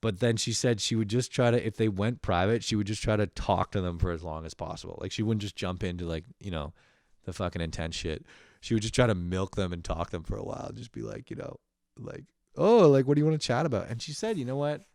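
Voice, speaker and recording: A man's voice: lowish voice, brisk, vocal fry, no echo, studio quality. A man hosting a comedy podcast, telling rambling, profane stories in a casual monologue and laughing at his own jokes. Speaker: podcast host.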